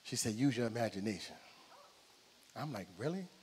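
Animated middle-aged comedian on stage. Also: male voice, mid-range voice, fairly quick, big-room sound, a little hiss or hum. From New Jersey. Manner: animated storytelling, acts out both sides of each exchange. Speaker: stand-up comedian. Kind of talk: stand-up comedy set. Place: comedy club stage with audience.

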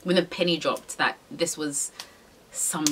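A woman's voice: low voice, fairly even intonation, a little slow, a bit bright, a little hiss or hum. A young woman telling a frank, rambling storytime to camera, swearing freely and using lots of slang. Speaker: vlogger.

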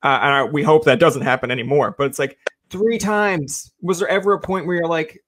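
A man's voice: a little high, a little fast, few pauses, a bit bright. A young man hosting a casual interview, chatty and joking, acting out quotes as he talks. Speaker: host.

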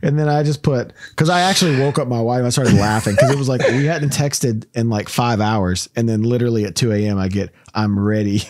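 A man's voice: medium pitch, brisk, no echo. A man hosting a casual podcast, telling rambling stories and laughing through his own jokes. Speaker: podcast host.

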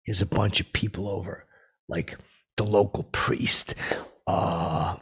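A man telling a long comedic story in a halting, boastful way, full of filler words and restarts. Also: low-pitched, steady tone, a bit bright, breathy edge. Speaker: comedy character host. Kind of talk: rambling deadpan storytelling.

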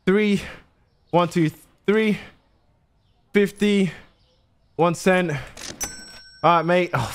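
A young man gives casual, excitable game commentary, swearing often and talking to his chat. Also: fairly high pitch. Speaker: gaming streamer.

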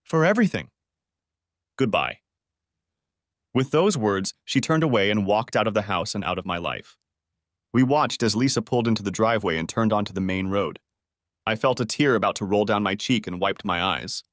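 Man narrating a story, lively delivery. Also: on the low side, brisk, no echo, clean studio sound. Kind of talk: first-person audiobook narration.

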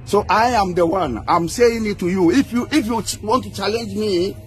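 A man's voice: sits high, moderate pace, a little hiss or hum. A man, making an insistent public statement and ending his lines with "okay?". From Ghana. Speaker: man claiming to be a footballer's father.

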